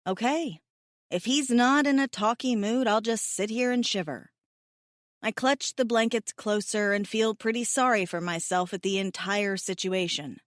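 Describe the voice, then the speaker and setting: A woman's voice: medium pitch, moderate pace, no room sound, studio quality. A woman narrating a first-person romance audiobook in an emotive, tearful, self-mocking way.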